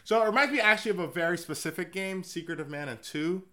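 A man co-hosting a podcast, tossing out jokes and quick quips in casual banter. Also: high-pitched, bright, forceful tone. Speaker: podcast co-host.

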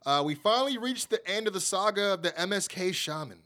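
A man's voice: high-pitched, animated, brisk, pushed and bright. A man hosting a podcast, chattily recapping wrestling shows with lots of fillers and laughs at his own jokes. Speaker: podcast host. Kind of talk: casual wrestling show recap.

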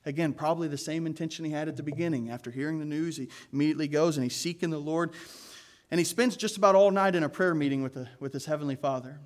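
A man's voice: fairly high pitch, fast talker. A man preaching a sermon as pastor, earnest and emphatic, with casual asides to the congregation.

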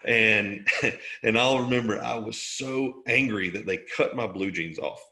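A man's voice: fairly low pitch, a little slow, bright, forceful tone, roomy sound. A middle-aged man from Alabama, an interview guest telling a story in a casual, jokey way and laughing often.

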